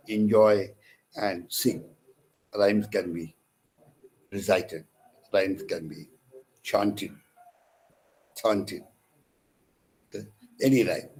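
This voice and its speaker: A man's voice: on the low side, extremely slow, long pauses, darkish tone. A man with an Indian English accent giving an online lecture on poetic meter, hesitant with many fillers and restarts, stressing syllables when he reads examples. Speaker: counsellor teaching English literature.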